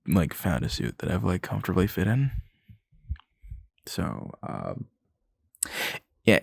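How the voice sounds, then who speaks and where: A man's voice: deep voice, gravelly, mellow, no echo. A young man in an ASMR boyfriend role-play, rambling nervously, laughing and swearing as he talks into a close mic.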